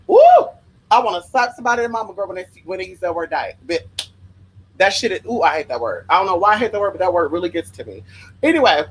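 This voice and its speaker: A spiritual worker telling rambling stories to viewers in a sassy, profane, animated way, often drifting into side tangents. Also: fast talker, a little hiss or hum, rough recording. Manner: profane, sassy and animated, with big pitch swings. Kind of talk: casual storytelling to viewers.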